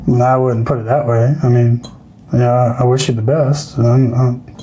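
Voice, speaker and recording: A man's voice: mid-range voice, level tone, normal speed, warm tone, slight background noise, rough recording. A young man on a podcast, talking casually and hesitantly, often restarting his sentences. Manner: hesitant, many restarts and fillers. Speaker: podcast guest.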